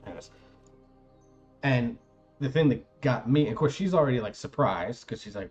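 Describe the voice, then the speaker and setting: A man in his thirties, a streamer, telling a rambling, animated story about his son with many fillers and quoted voices. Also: medium pitch, normal speed, pauses often, husky, dull audio, soft background music. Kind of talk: casual storytelling.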